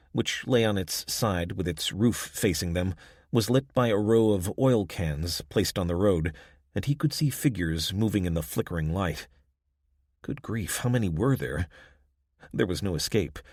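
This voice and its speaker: A deep-voiced man narrates an audiobook from a script, his tone on the dark side. The recording is dry and studio quality.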